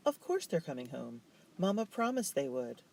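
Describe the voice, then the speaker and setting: A man's voice: a little high, huge pitch swings, moderate pace, gravelly, a little mellow, a little hiss or hum, full character voice. A man reading aloud voices a bossy, stubborn older sister who talks sharply and insistently. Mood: reassuring.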